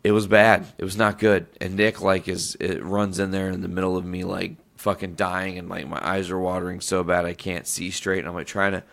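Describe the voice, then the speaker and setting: Deep gravelly man telling a rambling story. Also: level tone, a little fast, hardly any pauses, fairly bright tone. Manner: rambling, profane, self-interrupting. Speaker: podcast host. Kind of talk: casual storytelling.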